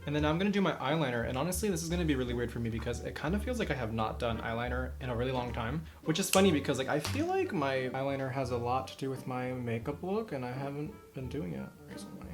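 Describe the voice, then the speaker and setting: Chatty young man doing makeup. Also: mid-range voice. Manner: chatty, joking and self-mocking. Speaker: makeup vlogger. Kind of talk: casual makeup tutorial chat. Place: at home during quarantine.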